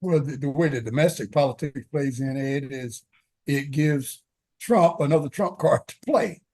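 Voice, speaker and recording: A man co-hosting a talk show, explaining world affairs in a measured, explanatory way, with frequent "uh" fillers. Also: medium pitch, darkish tone. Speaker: co-host commentator. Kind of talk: casual political discussion.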